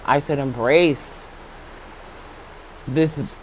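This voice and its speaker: Excitable spiritual vlogger telling a story. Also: mid-range voice, extremely slow, a little hiss or hum. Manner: excitable, swings from hushed to loud and laughing; filler-heavy, lots of "like". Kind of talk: casual storytelling to viewers.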